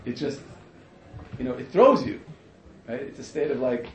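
A man's voice: medium pitch, very animated, normal speed. A man teaching a class in a humorous lecture, repeating phrases and chuckling at his own jokes. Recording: echoey room, muffled, faint hiss.

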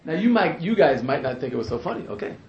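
A man's voice: on the high side, very animated, quick pace. A man teaching a class in a humorous lecture, repeating phrases and chuckling at his own jokes. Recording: echoey room, muffled, faint hiss.

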